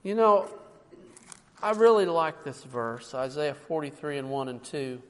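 A man's voice: fairly high pitch, animated, unhurried, a bit bright. A man preaching a sermon in a church, emphatic and fond of rhetorical questions, calling his listeners folks. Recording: long reverb from a large hall.

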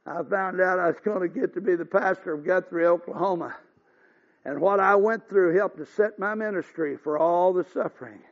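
A man's voice: high-pitched, normal speed. An older man preaching a revival sermon as pastor, folksy and earnest, building to fervent exhortations. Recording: dull lo-fi recording.

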